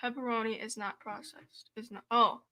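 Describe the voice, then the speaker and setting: Bright-voiced teenage girl, casual and halting. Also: on the high side. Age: teens. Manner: relaxed, hesitant, lots of fillers. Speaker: host's daughter, co-host. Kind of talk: casual livestream chat.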